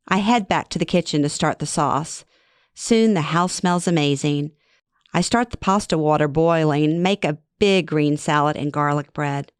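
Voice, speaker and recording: A middle-aged woman narrates her own memoir in a wry, self-deprecating, conversational tone. Her voice sits a little low. The recording is dry and close with no room sound. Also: clear, resonant tone, no room sound. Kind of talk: first-person story narration.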